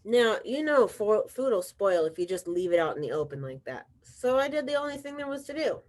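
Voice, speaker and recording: A woman's voice: medium pitch, very animated, fairly quick, a little mellow, pitched above the performer's own voice, natural voice. A woman reading aloud as a sneezy, self-pitying male wolf telling his side of the story, with wry storybook asides.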